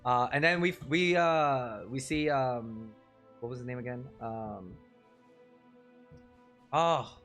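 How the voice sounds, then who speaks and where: Taking it slowly and pausing often, a man with a medium-pitched, fairly bright voice streams live over faint background music. His story rambles and pokes fun at himself, loaded with fillers and chuckles between phrases.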